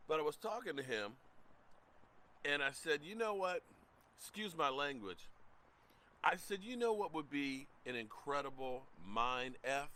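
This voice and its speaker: A middle-aged man hosting a casual live sports talk stream, greeting chat viewers by name in an animated way. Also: mid-range voice, moderate pace. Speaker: livestream sports show host.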